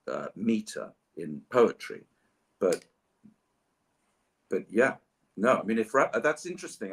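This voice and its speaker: A man's voice: fairly low pitch, husky. An Englishman chatting playfully while signing autographs, with a theatrical, explanatory manner. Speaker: voice actor signing autographs on a livestream. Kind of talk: casual chat while signing. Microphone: livestream setup.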